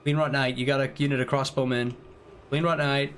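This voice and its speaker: A man's voice: medium pitch, little pitch movement, fairly quick, fairly bright tone, a little hiss or hum. A British man live-streaming a strategy game, rambling and joking with chat while giving tactics. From United Kingdom. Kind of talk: casual live-stream commentary.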